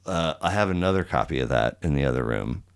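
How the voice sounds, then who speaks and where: Very deep-voiced middle-aged male podcast host. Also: expressive, quick pace, vocal fry, no room sound, clean studio sound. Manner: rambling, many restarts and fillers, acts out quotes. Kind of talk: casual conversational interview.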